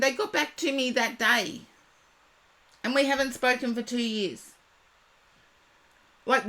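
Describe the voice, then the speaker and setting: A woman reading tarot live for viewers, chatty and reassuring, talking to them by name, her voice going a little hoarse. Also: on the high side, a bit bright. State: losing her voice. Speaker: tarot reader.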